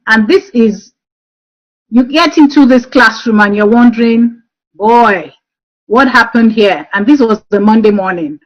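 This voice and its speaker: A woman giving an online presentation to education consultants, telling stories with frequent "um" fillers. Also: on the high side. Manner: warm storytelling with frequent um fillers. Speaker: speaker. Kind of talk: webinar presentation. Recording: dull lo-fi online call audio.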